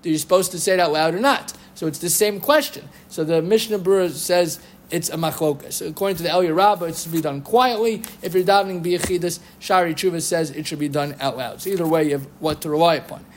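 A man giving a lively lecture on Jewish law, quoting rabbinic sources and chanting Hebrew phrases. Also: fairly high pitch, fast talker, a little hiss or hum. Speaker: Torah teacher. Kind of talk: halachic lecture.

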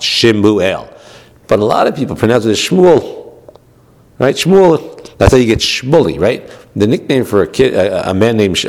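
A man teaching Jewish law in an explanatory lecture, patiently repeating his points and checking in with the listener. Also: deep voice. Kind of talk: explanatory text-study lecture.

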